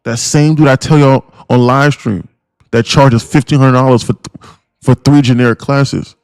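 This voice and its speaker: A man hosting a trading live stream, lecturing his viewers in a blunt, pushy rant full of profanity and repeated phrases. His voice sits at an ordinary pitch. The sound is dry and close, with no room echo. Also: steady tone, normal speed, darkish tone, clear, resonant tone. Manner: addresses viewers as guys and bro. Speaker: day-trading streamer and mentor.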